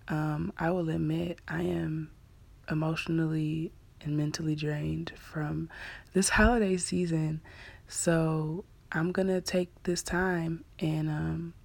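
Low gravelly young woman chatting. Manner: relaxed and candid, many fillers, drifts into soft half-whispers. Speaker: podcast host; graduate student. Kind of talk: casual solo podcast chat.

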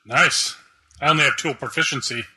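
A man's voice: on the high side, a little fast, sharp tone. A man playing a tabletop game, making wry joking asides. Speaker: player. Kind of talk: casual tabletop play.

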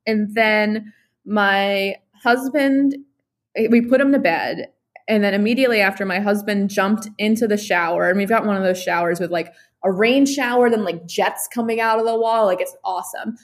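A woman co-hosting a casual podcast, talking in a lively way. She swears freely and keeps dropping "like" and "um" into her sentences. Her voice sits at an ordinary middle pitch for a woman. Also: normal speed. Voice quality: animated, swears freely, many fillers.

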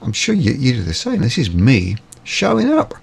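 Man, from Britain, podcast guest, gravelly and husky, lively pitch, stammering restarts. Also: moderate pace. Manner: animated, stammers and repeats words when starting. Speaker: guest, business coach. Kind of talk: podcast conversation.

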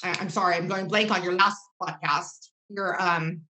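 A woman in her thirties talks as a podcast guest, sharing heartfelt memories in a loose, rambling way. Her voice has a clear, bright edge. She restarts sentences often and leans on fillers as she goes. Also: on the low side, fairly even intonation, normal speed, poor audio. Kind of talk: heartfelt casual storytelling.

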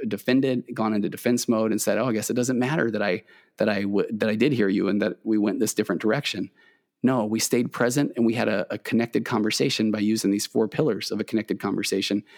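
A man's voice: lowish voice, darkish tone. A middle-aged man, a therapist, earnestly telling a personal story and acting out the dialogue between himself and his wife. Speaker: therapist and host. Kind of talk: conversational storytelling.

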